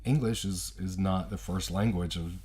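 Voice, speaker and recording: A man's voice: low-pitched, fairly even intonation, moderate pace, darkish tone, slightly rough. A man from Texas, co-hosting a casual radio talk show and chatting with hesitant restarts. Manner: chatty, repeats words when starting, hesitant restarts. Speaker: radio co-host.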